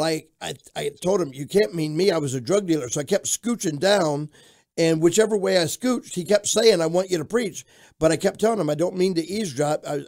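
An older pastor from Florida, telling his life story in an interview with an animated storytelling manner. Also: a little high. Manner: animated storyteller who shouts out quoted lines.

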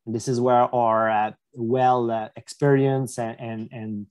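A man's voice: mid-range voice, level tone, a little slow, a little mellow, smooth, no echo. A man presenting in a webinar, hesitant and often repeating words. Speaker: engineering executive.

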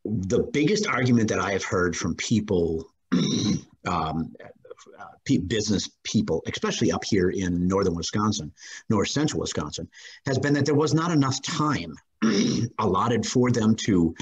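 A man with a deep voice speaks in a casual class discussion. His tone is husky and a little breathy. He halts often, filling gaps with ums and clearing his throat. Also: animated, a little slow, lo-fi sound. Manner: hesitant, many fillers, clears throat often.

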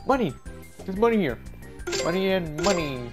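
Excitable high-voiced man playing a game. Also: unhurried, pauses often, soft background music. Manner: excitable, yelps and shouts at mishaps. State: stuffy nose, sneezing. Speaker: gaming YouTuber. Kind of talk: casual gameplay commentary.

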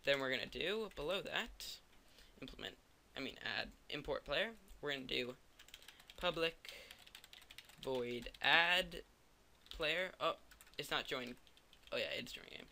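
Young man, tired, coding tutorial narration, thinking aloud, self-mocking, sharp bright tone, faint typing behind. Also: on the high side, expressive, measured pace, vocal fry, long pauses, slight background noise. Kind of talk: screen-recorded coding tutorial.

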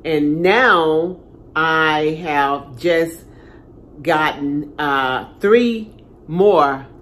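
Older woman vlogger, homey and chatty, lowish voice, talks straight to her viewers. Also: very slow, fairly bright tone. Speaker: channel host. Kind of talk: casual talk to viewers.

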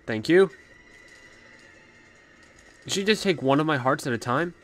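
A man's voice: fairly high pitch, animated, unhurried, faint music behind. A young man hosting a let's play, chatting about his plans and talking to the enemies on screen, a little out of breath. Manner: chatty, talks to the game's enemies. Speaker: gaming channel host.

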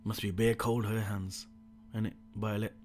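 A young man reacting live to an anime film, slangy and excitable, swinging from low mutters to loud outbursts. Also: moderate pace. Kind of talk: live watch-along reaction.

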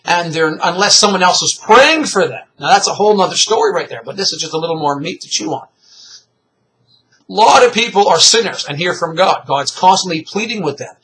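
A middle-aged man giving rambling, animated religious commentary, full of fillers and chuckles. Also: high voice, a little fast, rough recording. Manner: animated, rambling, laughs often, frequent fillers.

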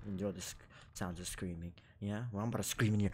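A young man giving crude, joking commentary on a horror game, mock-scolding the screen and breaking into sudden high yelps when startled. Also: fairly even intonation, fast, background noise. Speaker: gaming YouTuber.

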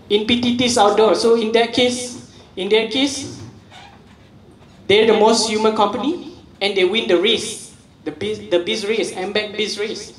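A man with a Malaysian accent giving a seminar talk as a guest speaker, often repeating and restarting words and mixing in Malay. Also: sits high. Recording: echoey hall, distant mic.

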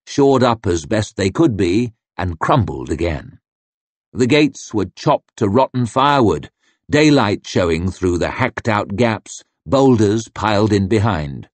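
Low-voiced expressive male narrator. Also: no room sound. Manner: expressive, varied delivery. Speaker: audiobook narrator. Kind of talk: scripted fantasy narration.

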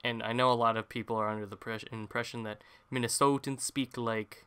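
Bright-voiced chatty man playing a video game. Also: on the low side, level tone, normal speed, clean tone. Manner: chatty, rambling, self-deprecating. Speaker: gaming channel host. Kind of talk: casual let's play commentary.

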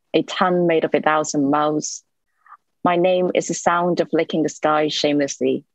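Woman w/ local doing a poetry reading, low voice, dry close sound, lots of ums in between. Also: dry recording, low-quality recording. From Hong Kong. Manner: measured recital, hesitant "um" fillers when chatting. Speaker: poet. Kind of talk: poetry reading with short spoken introductions.

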